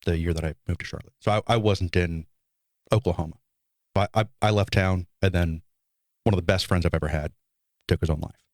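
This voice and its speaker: Middle-aged man, very low voice, measured and thoughtful, dry podcast mic. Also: steady tone, darkish tone, no room sound. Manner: thoughtful, measured, builds ideas slowly. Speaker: podcast co-host. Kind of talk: casual podcast conversation.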